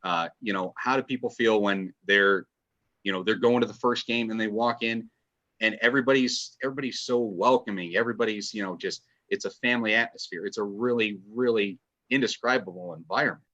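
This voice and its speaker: A man's voice: on the low side, brisk, sharp tone. A man speaking as a podcast guest, chatting enthusiastically and rambling with restarts. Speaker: podcast guest, fan writer. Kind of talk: casual podcast chat. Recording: dull lo-fi audio.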